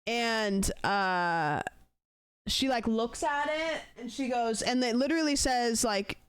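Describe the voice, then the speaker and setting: Chatty woman streamer, smooth dry voice. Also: fairly high pitch, slow, dry recording. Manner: chatty, animated retelling with acted-out quotes. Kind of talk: casual storytelling to a live chat.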